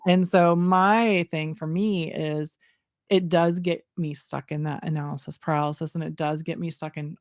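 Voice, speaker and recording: A woman hosting a podcast interview, asking thoughtful questions in a steady, conversational way. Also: low voice, normal speed, no echo, clean studio sound. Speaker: podcast host.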